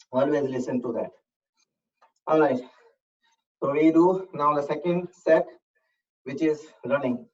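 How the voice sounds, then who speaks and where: Workout instructor, calm and measured, slow delivery, dull distant recording. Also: mid-range voice. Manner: calm, measured coaching with breathing reminders. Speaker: fitness and yoga instructor. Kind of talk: guided workout instruction with counted reps.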